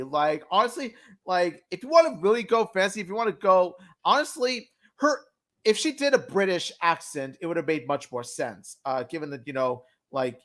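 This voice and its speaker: Casual higher-pitched male co-host. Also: fairly bright tone. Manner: opinionated, with lots of fillers. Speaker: co-host of a cartoon review stream. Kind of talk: casual review chat.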